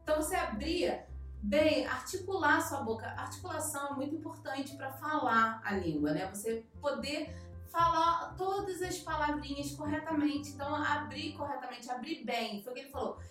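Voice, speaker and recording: A woman's voice: high-pitched, fairly quick, a bit bright, faint music behind. A woman from Brazil, co-hosting and recapping a guest's tips in casual explanation. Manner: recaps and translates the guest's points. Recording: very echoey room, distant mic.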